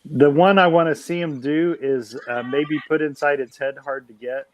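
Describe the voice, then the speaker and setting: A man's voice: a little high, steady tone, moderate pace, noisy background. A man telling rambling, joking stories in a casual group conversation.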